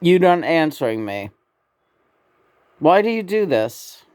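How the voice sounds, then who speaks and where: A woman's voice: deep voice, sing-song, takes it slowly, a little mellow. A woman in a casual spiritual vlog at home, laughing often and playfully talking to unseen spirits. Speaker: tarot vlogger. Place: home bedroom.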